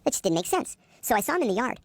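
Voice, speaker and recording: Fast, animated male storyteller. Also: very high-pitched, vocal fry, no room sound. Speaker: guest telling a prison story. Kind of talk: casual spoken anecdote.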